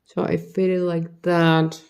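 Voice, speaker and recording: A woman's voice: fairly low pitch, little pitch movement, slow pace, creaky, a little mellow, smooth. A tired woman vlogger talking to herself as she builds a model kit, muttering the same questions over and over. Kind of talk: casual talk while building.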